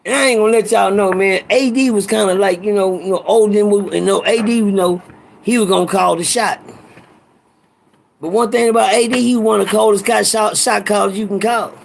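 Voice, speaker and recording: A man spins a casual, profane tale, wandering off and repeating himself as he goes. His voice sits high and is thick with gravel. There's a husky, raspy grain under every word. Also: fairly even intonation, brisk. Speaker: storyteller. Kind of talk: casual storytelling.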